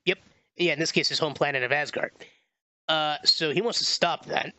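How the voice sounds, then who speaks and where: A man's voice: a little high, normal speed, bright, forceful tone, no room sound. A man co-hosting a podcast, chatting casually about a film, rambling a bit and laughing often. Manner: rambling, stumbles over names, laughs often. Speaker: podcast co-host. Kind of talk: casual movie review chat.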